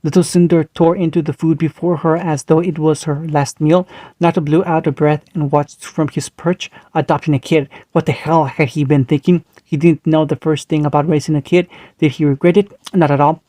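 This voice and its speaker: A man reading fan fiction aloud, steady but with small slips and restarts. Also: on the high side, normal speed, no echo. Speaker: story reader.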